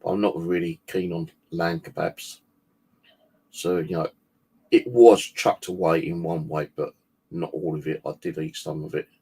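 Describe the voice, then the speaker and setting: A man's voice: sits low, steady tone, a little slow, warm tone, husky. A man casually rambling on a livestream, swearing freely and chatting loosely as the channel host.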